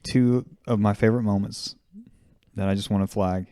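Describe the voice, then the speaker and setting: A man's voice: on the low side, fairly even intonation, normal speed, warm tone, dry recording, studio quality. A young man casually telling anecdotes as a podcast co-host, easygoing and chatty. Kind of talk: casual storytelling.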